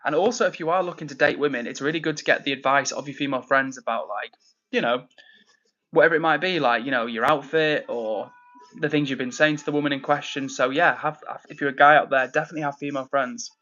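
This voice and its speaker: A man, from near Manchester, hosting a casual livestream from indoors at home. He reads out chat messages and answers them in a friendly, upbeat way, with plenty of fillers and shout-outs. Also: mid-range voice, quick pace, lo-fi sound. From England, near Manchester. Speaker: livestream host reading chat.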